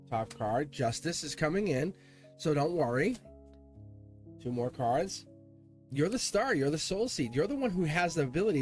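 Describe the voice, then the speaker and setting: A male tarot reader with a fairly high voice that swings all over as he rambles through a casual reading, chatting to his cards and chuckling. Soft music plays faintly behind him. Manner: animated, rambling, talks to the cards and laughs.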